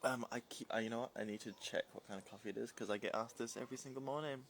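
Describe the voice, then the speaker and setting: A man's voice: medium pitch, steady tone, racing, fairly bright tone, a little hiss or hum. A man hosting a casual phone livestream from home, rambling and reading viewer comments aloud. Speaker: livestream host. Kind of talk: casual live-stream chat.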